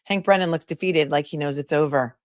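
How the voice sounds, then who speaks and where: A woman's voice: sits low, a little fast, a little mellow, no echo, studio quality. A woman attorney hosting a live commentary stream, chatting casually and sarcastically while reading viewer comments aloud.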